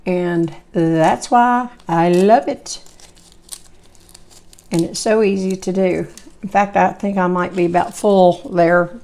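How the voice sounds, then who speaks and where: A woman, chatty and folksy, hosting a home cooking video while hoarse, her voice coming and going. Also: lowish voice, fairly even intonation, slow, darkish tone. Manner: chatty, folksy, rambling asides. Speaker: cooking channel host. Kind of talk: casual cooking demonstration.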